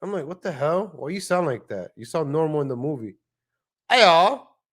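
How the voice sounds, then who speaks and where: A man's voice: a little high, lively intonation, quick pace, darkish tone, slightly rough. A man hosting a casual livestream, chatting and joking in rambling asides. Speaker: livestream host. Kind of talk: casual live-stream commentary.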